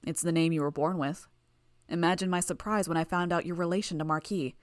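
A woman voicing a calm, smooth-talking and menacing male killer, speaking in a mocking tone. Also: on the low side, brisk, no echo, clean studio sound, natural voice.

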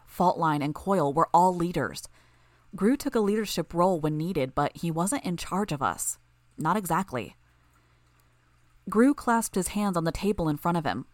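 Low-voiced woman narrator, dry close recording, measured audiobook read. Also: no room sound.

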